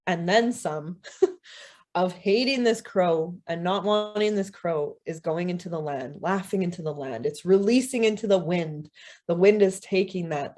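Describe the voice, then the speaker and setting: Slow, expressive woman telling a story. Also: medium pitch. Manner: slow, vivid, expressive, repeats phrases for rhythm. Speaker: guest speaker, scholar. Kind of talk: oral storytelling in a talk.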